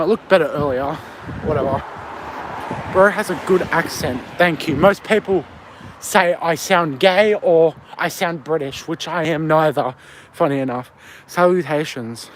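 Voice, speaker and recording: His pitch is fairly high and his pace measured, with a little hiss or hum in the audio. He's an Australian livestreamer strolling a windy street at night, reading out viewer comments on his phone mic and responding to them.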